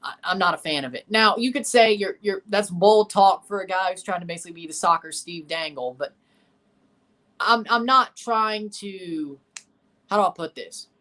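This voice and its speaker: During a livestream watchalong of a soccer game, a man with a high, sharp-toned voice talks at a moderate pace. His live reactions and replies to chat are blunt and opinionated, and he repeats his points.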